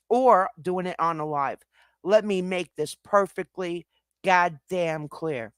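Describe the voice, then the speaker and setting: A woman's voice: medium pitch, fairly bright tone, no echo, studio quality. Furious foul-mouthed woman streamer. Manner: heated, profane, lecturing. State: angry. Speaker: live streamer. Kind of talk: angry live-stream rant to chat.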